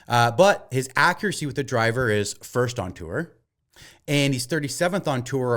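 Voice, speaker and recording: A man in casual conversation on a podcast, talking through his reasoning out loud. He hedges a lot and restarts his sentences, speaking at a middling pitch. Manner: hesitant, lots of filler "like" and restarts. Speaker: podcast co-host, golf betting. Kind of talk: casual chat.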